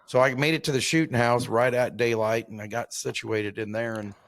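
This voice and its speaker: A man, hosting a hunting show, telling a hunting story in a rambling, halting way, with many restarts. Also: mid-range voice, steady tone, fairly bright tone. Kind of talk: casual storytelling.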